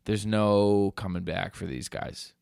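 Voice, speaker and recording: A young man in casual podcast chat, retelling a story with animated, loud acted-out bursts. His voice sits on the low side and is recorded close and dry, with no room sound. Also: measured pace, vocal fry, smooth, dry recording. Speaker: podcast co-host.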